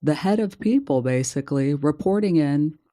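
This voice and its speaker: A woman co-hosting a podcast, telling a story in a snarky, animated way and acting out the dialogue. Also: low-pitched, moderate pace. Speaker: podcast co-host. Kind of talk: casual chat, storytelling.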